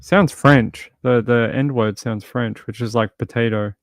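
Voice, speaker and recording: A man hosting a livestream, chatting casually and a little rambling. He reads viewer comments and tosses in playful jokes. His voice sits mid-pitch and sounds close and dry. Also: steady tone, measured pace, dry recording. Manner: chatty and rambling, many fillers and restarts; jokey, playful asides. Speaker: livestream host.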